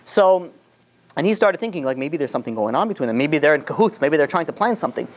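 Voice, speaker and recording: Fast-talking rabbi, rambling story. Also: male voice, fairly high pitch, lively intonation. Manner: rambling, full of "you know" fillers and restarts. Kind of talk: casual storytelling lesson.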